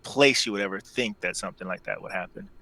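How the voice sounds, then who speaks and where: A man co-hosting a casual live show, explaining his views at length in a measured way. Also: on the low side, gravelly, sharp tone, low-quality recording. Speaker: podcast co-host. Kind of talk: casual livestream chat.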